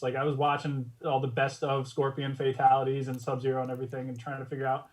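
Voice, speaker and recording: A male guest chatting casually, telling things in a relaxed, rambling way with many fillers. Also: mid-range voice, quick pace, few pauses, poor audio. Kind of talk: casual chat.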